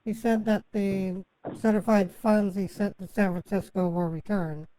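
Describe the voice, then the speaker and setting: A woman on a phone call, rambling through a long story and halting often, stammering and restarting her sentences with many fillers. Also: medium pitch, fairly even intonation, warm tone, slight background noise. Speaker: scambaiter posing as a victim.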